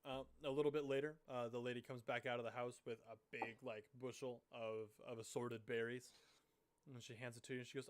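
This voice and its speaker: A man running a tabletop game as game master, narrating in a relaxed, slightly halting way. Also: medium pitch, clean tone.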